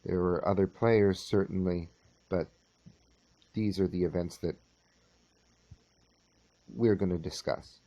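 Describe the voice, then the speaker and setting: Male teacher, slow and mellow, measured lecture with restarts. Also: low-pitched, steady tone. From California. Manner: measured and unhurried, with halting restarts.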